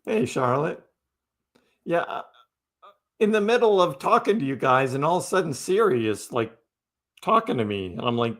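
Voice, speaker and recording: On his live crypto stream, a man reads viewers' messages and replies in easy conversation. His voice is on the high side and a bit bright, with a sing-song lilt, a normal speed, and plenty of pauses.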